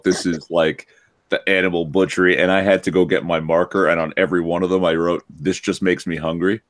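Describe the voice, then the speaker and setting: A man's voice: deep voice, no echo, clean studio sound. A man in a casual podcast chat, telling stories in a plain, matter-of-fact way.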